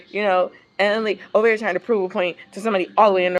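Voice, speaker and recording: A woman's voice: mid-range voice, rapid-fire, hardly any pauses. A mother vlogging a casual storytime, exasperated and swearing freely as she tells it. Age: adult parent. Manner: exasperated, profane, animated storytelling.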